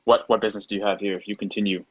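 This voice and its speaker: A man's voice: on the low side, little pitch movement, rapid-fire, breathy edge, muffled recording. A man voicing a stern, ragged man who guards his field and challenges intruders. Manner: territorial, curt.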